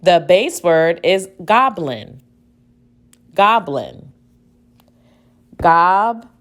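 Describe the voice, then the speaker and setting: A woman's voice: on the low side, lively intonation, slow pace. A woman teacher giving a spelling dictation, sounding out syllables and spelling words letter by letter. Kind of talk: slow spelling dictation lesson.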